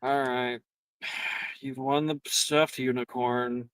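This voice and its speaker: A game master voicing an unimpressed carnival barker man with a deadpan, sighing delivery. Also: medium pitch, slow, smooth, dry recording, pitched below the performer's own voice.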